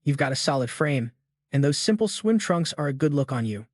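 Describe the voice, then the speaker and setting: A cool, unbothered young guy, voiced by a man narrating a comic recap, hands out praise in a flat, matter-of-fact way. His voice sits a touch high for a man and sounds dry and close. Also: a little fast, no room sound. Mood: calm. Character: calm, blunt young man who hands out compliments.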